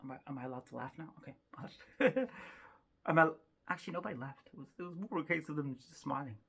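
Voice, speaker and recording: A woman's voice: deep voice, lively intonation, brisk, gravelly, husky. A woman doing rambling, self-mocking stand-up storytelling, chatty with frequent asides. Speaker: stand-up comedian.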